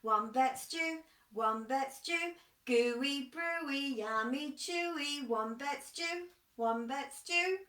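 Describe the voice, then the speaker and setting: A cocky, hungry dingo whoops and chants about his stew, as a woman reads it aloud. The voice sits high and bright, caught from off the mic in an echoey room. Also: very animated, measured pace, far from the mic, exaggerated voice. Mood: gleeful. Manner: whooping, sing-song chanting. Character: boastful hungry male dingo, gleeful.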